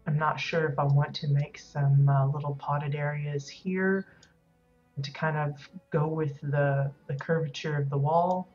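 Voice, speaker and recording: A woman's voice: low voice, little pitch movement, unhurried, darkish tone. A woman streamer chatting casually as she decorates in a game, rambling and hesitant with many fillers, her voice a little worn. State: losing her voice. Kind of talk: casual live-stream commentary. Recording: dull lo-fi stream audio with music.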